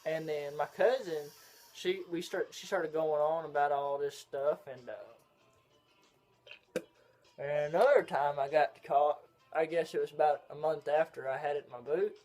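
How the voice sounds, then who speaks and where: A man's voice: on the high side, steady tone, moderate pace, soft background music. A young man, telling a story in rambling casual chat as a vlog co-host. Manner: rambling, drawling, with loud bursts of laughter.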